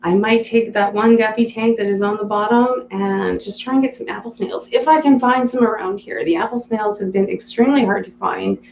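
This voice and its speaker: A chatty woman hosts a live stream and answers viewer comments in easygoing talk, often breaking into laughter. Her voice has a gravelly, fry-tinged texture. The sound is roomy and a bit dull, with a faint hum underneath. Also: mid-range voice, steady tone, a little fast, hardly any pauses, a little mellow. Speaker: live streamer reading chat. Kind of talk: casual live-stream chat.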